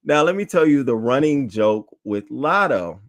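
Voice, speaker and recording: A man giving casual, slangy news commentary to his chat, animated and reading tweets aloud. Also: mid-range voice, normal speed. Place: home setup, talking to chat.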